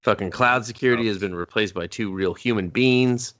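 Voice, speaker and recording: A man's voice: fairly low pitch, fairly quick, fairly bright tone, highs cut off. A man co-hosting a casual movie review podcast, recapping the plot sarcastically and with lots of swearing. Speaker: podcast co-host.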